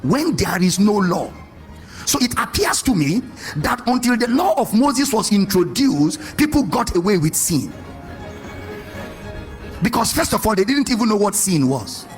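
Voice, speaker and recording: A man's voice: sits high, sing-song, a little slow, faint music behind. A man preaching a sermon, questioning his congregation and stressing points in a sing-song way. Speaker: pastor.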